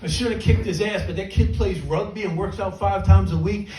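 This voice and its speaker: A man's voice: high-pitched, a little fast, warm tone, faint music behind. A middle-aged man doing a stand-up comedy set, rambling and self-mocking. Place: comedy club stage. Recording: roomy club from a distance with crowd laughter.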